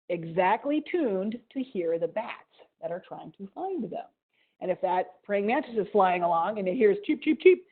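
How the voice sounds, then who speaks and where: A museum educator with a mild Ohio accent gives an animated, playful science lesson to children over a video call, adding little sound effects. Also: female voice, mid-range voice. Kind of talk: live online science lesson for kids. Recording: tinny video call audio.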